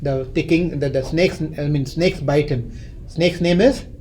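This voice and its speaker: A man's voice: fairly high pitch, unhurried, a little mellow, a little hiss or hum, poor audio. A man teaching a scripture class, retelling a story, often repeating or restarting phrases and quizzing his listeners.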